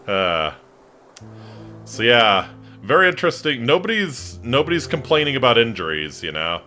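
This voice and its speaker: A man's voice: mid-range voice, slow pace, pauses often, music in the background. A man giving casual, wry let's-play commentary while playing a game. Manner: wry, joking, animated.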